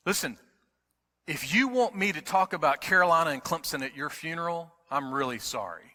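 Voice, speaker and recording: A man's voice: fairly high pitch, expressive, fairly quick. Emphatic preacher man in a hall. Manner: emphatic, repeats key words, swings from quiet storytelling to loud preaching. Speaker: pastor. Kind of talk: sermon. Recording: long hall reverb.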